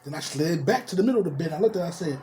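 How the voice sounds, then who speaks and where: A man's voice: on the high side, expressive, racing, mellow, slight background noise. A man telling a crude personal story in casual slang, dropping in spoken sound effects. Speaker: storyteller vlogger.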